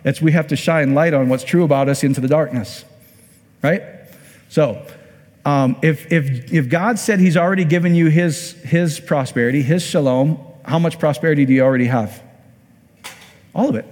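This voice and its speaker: A man from Iowa gives a relaxed, conversational sermon, stumbling over repeated words and checking in with his listeners. His voice sits a little above the usual male range. A long reverb trails his words through the hall. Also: a little high, normal speed. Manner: conversational, repeats words, asks the audience questions. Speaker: pastor.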